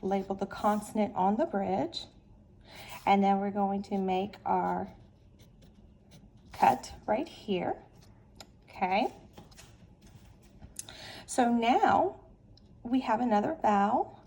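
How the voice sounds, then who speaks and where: A woman's voice: medium pitch, slow, vocal fry, long pauses, dark tone. A woman teaching a phonics lesson, walking through each step patiently and methodically, repeating the steps aloud.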